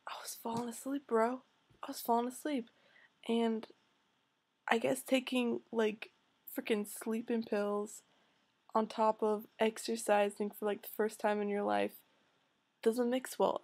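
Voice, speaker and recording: Husky-voiced teen girl vlogging. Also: fairly high pitch, darkish tone. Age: late teens. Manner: rambling, swearing, self-mocking. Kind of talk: casual chat to camera.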